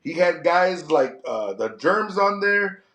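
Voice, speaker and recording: A middle-aged man from San Antonio, a wrestler and promoter chatting in an interview, animated and slipping in Spanish slang. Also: high-pitched, takes it slowly. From San Antonio, Texas. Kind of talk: casual interview chat. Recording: echoey room.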